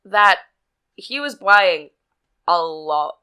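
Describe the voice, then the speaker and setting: A woman's voice: on the low side, animated, very slow, bright, forceful tone, clean tone. A young woman, telling a story with laughter and swearing in a casual podcast chat. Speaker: podcast co-host.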